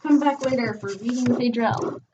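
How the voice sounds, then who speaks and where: A woman reading a children's book aloud, expressive, breaking off now and then for casual chatty asides. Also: on the high side, moderate pace, a little hiss or hum. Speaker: reader hosting a read-aloud channel. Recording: dull, distant home recording.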